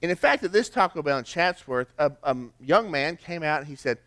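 A man's voice: a little high, expressive, a little fast, fairly bright tone. An older man, preaching a sermon in a folksy storytelling way with rhetorical questions. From American South. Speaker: pastor.

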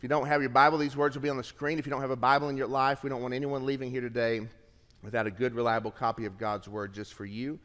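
A man preaching a sermon as pastor, reading scripture aloud with lively shifts of pace and emphasis. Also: medium pitch, fast talker, long reverb tail.

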